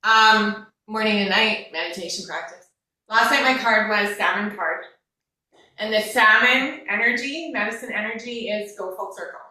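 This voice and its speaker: A woman's voice: mid-range voice, normal speed, pushed and bright, recorded from a distance. Emotional woman in an echoey room. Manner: emotional, candid, swears casually. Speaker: life coach and counselor. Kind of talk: casual heartfelt conversation. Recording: echoey room, away from the mic.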